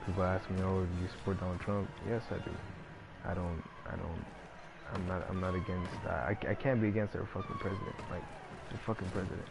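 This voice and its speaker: A man's voice: low-pitched, vocal fry. A man giving casual gameplay commentary, ranting in a rambling, profane way and packing his talk with filler words. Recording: noisy background.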